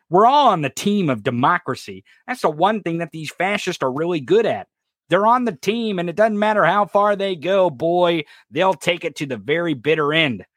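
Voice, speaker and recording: A man's voice: a little high, fairly bright tone, dry recording, clean studio sound. Fired-up man ranting on politics. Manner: impassioned, profane ranting; sarcastic. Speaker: podcast co-host. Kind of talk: political commentary podcast.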